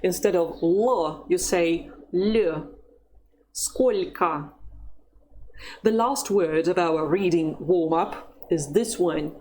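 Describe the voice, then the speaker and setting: A woman teaching a language lesson, speaking slowly and carefully in an encouraging instructional tone. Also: lowish voice, dark tone, a little hiss or hum.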